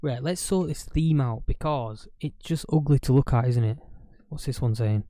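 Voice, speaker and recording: A man producing music live on stream, chatting casually and greeting viewers by name in a relaxed way. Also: medium pitch, moderate pace, no echo, clean studio sound. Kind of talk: casual livestream chat.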